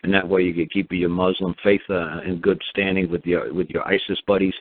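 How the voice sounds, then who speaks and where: A man's voice: low-pitched, fairly even intonation, brisk, dry recording. A man ranting sarcastically in a casual monologue, mocking others in put-on voices, heard through a phone line. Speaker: talk show caller.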